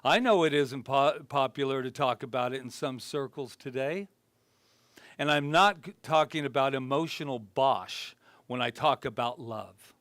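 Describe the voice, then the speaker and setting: A male minister with a mid-range voice gives a conversational sermon at normal speed, telling self-deprecating, humorous stories. He swings between loud bursts and hushed, earnest moments, and the recording has no room sound.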